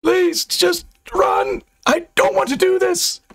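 A man voicing a possessed young man in a storybook, pleading in a strained, shouting voice. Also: very high-pitched, flat delivery, takes it slowly, gravelly, pitched above the performer's own voice, full character voice. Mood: desperate.

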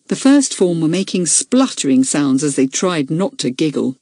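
A woman narrating a children's school story, measured and clear in delivery. Her voice is soft and breathy, recorded close and dry with no room sound. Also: low voice, very animated, no room sound. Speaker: audiobook narrator. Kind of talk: scripted audiobook narration.

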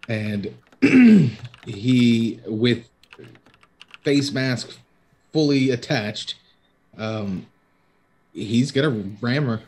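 A man playing a tabletop game, explaining his character's moves in a halting way, with restarts and fillers. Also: medium pitch, big pitch swings, darkish tone. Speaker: player. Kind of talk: casual tabletop play.

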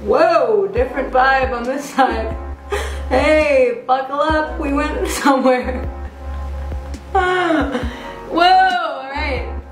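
A woman in her late thirties joking around in a deliberately bad put-on British accent, mocking herself. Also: medium pitch, natural voice. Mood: teasing. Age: late 30s. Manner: jokey, exaggerated, self-deprecating. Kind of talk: playful self-mocking video. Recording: echoey room with music behind.

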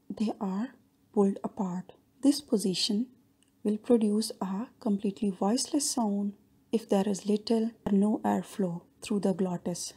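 A woman's voice: mid-range voice, dark tone, husky. A woman giving a linguistics lecture as voice-over narration, reading steadily through definitions and examples.

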